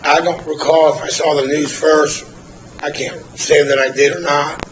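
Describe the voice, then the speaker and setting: A man's voice: a little high, flat delivery, moderate pace, noisy background. A man testifying as a witness in court, answering politely and hesitantly with fillers. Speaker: trial witness.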